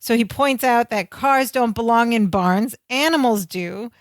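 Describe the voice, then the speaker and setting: Lively woman co-hosting a podcast. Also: on the high side, measured pace, no room sound. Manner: animated storytelling, acts out the characters' lines; laughs often while talking. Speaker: podcast co-host. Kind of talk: casual chat recapping a sitcom episode.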